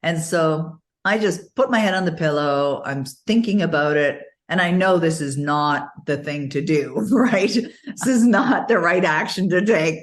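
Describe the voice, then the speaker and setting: Low-voiced woman telling a story. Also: unhurried. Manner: animated storytelling, frequent laughs. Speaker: interview guest. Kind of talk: casual interview conversation.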